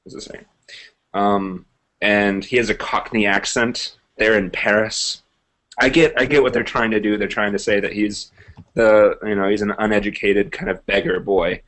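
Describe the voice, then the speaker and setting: A man's voice: fairly low pitch, steady tone, normal speed, a bit bright. A young man co-hosting a casual movie review chat, opinionated and hedging his views. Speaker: co-host.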